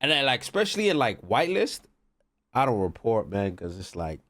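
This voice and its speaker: A man of middle pitch talks loosely and casually, piling on fillers as he tells his story. His delivery is relaxed and conversational, as on a podcast. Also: a little fast. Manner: rambling, lots of "like" and "whatever". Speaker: podcast guest.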